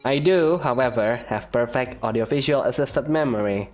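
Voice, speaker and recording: A man reading the lines of a sarcastic, gloomy spaceship computer from a game, in a dry deadpan way. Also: medium pitch, normal speed, soft background music, lightly acted. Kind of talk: reading game dialogue aloud.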